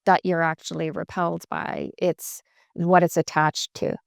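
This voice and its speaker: A woman working as a couples coach, explaining in a measured and emphatic way on a podcast. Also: fairly low pitch, level tone, creaky, no room sound, studio quality.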